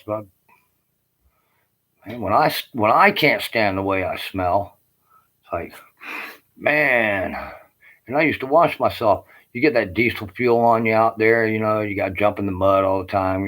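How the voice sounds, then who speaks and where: A man's voice: fairly low pitch, normal speed, long pauses, a bit bright, low-quality recording. A man in his late fifties, an army veteran, ranting on in a rambling, aggrieved and heavily profane way. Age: 50s. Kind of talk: rambling personal rant.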